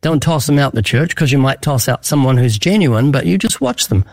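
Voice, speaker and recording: A man's voice: medium pitch, expressive, a little fast, darkish tone, dry recording. A man answering interview questions in an earnest preaching style, telling vivid stories and acting out quoted lines with emphasis. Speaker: guest evangelist.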